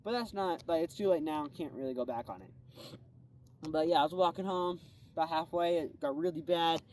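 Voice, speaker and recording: A young man with a fairly high, slightly mellow voice talks a little fast as he rambles laid-back about his own day, saying "bro" and "like" constantly. He's a bit distant from the mic, with faint background noise.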